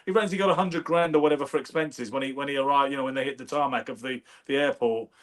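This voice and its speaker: A man telling stories in casual conversation, animated and anecdotal. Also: mid-range voice, fast. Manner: animated, anecdotal, does brief impressions. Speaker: podcast host.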